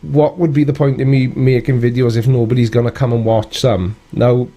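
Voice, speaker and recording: A man's voice: mid-range voice, flat delivery, normal speed, mellow. A man with a British accent hosting a casual live stream, chatting and answering viewer comments in a wry, conversational way.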